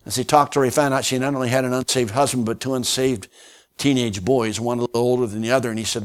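Man, preacher, sermon storytelling, folksy, animated, many fillers. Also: medium pitch, fast, smooth. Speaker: guest preacher.

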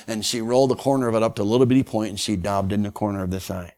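A man preaching as a guest speaker, telling a story in a folksy, animated way with many fillers. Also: fairly low pitch, very fast. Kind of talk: sermon storytelling.

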